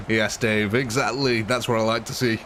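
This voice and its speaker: Excitable English man streaming a game. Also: on the low side, slight background noise. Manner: excitable, laughs often, addresses viewers as ladies and gentlemen. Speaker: live stream host. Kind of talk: casual live gaming commentary.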